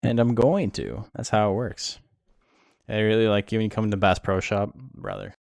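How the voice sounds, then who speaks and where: A man's voice: fairly low pitch, moderate pace, vocal fry, a little mellow, no echo, studio quality. A man hosting a game tournament stream, talking casually in a rambling, crude way with lots of fillers. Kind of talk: casual livestream commentary.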